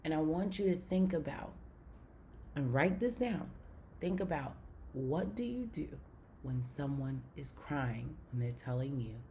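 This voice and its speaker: Low, gravelly-voiced woman teaching a video lesson. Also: lively intonation, measured pace, mellow, a little hiss or hum. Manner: repeats herself, checks in with "right?"; refers to herself in the third person. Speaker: online course teacher.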